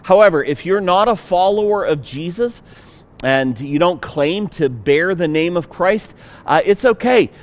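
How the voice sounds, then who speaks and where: A man's voice: high-pitched, animated, a little slow. A male pastor with a Pittsburgh accent preaching a sermon in a conversational, joking way with fillers.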